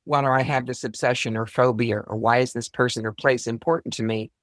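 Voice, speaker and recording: A woman's voice: rumbling low, steady tone, fairly quick, no room sound, studio quality. A woman being interviewed as a psychic guest, speaking bluntly with wry, self-deprecating humor. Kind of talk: conversational interview.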